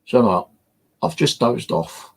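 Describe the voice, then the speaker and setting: A man's voice: mid-range voice, animated, slow pace, gravelly, breathy edge. A man telling his own ghost story in a casual, rambling way, with many fillers and swearing. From England. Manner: rambling, full of "you know" fillers and swearing. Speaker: paranormal investigator and channel host. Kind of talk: casual first-person storytelling.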